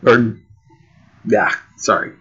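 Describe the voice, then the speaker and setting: A man's voice: takes it slowly, bright, forceful tone, muffled recording. A man casually reading generated stories aloud, often breaking off with fillers and chatty asides. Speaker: reader and creator of homemade games.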